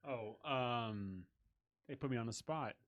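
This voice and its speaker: Co-host, man, middle pitch, halting and low-key. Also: muffled recording.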